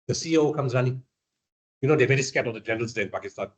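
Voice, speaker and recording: Un hombre de Sudáfrica da una conferencia narrando anécdotas de forma directa y animada, representando los diálogos con distintas voces. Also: male voice, mid-range voice, very fast. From South Africa. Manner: blunt, animated storyteller acting out dialogue. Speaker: lecturer. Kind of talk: storytelling lecture.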